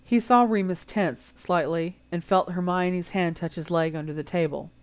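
Woman, audiobook narration, lowish pitch, steady, unhurried. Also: clear, resonant tone. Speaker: audiobook reader. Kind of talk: reading fan fiction aloud.

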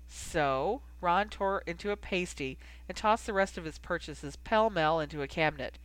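Audiobook narrator, steady storytelling, dry close sound, mid pitch. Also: moderate pace, hardly any pauses, clear, resonant tone, no echo, poor audio. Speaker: audiobook reader. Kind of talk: scripted narration.

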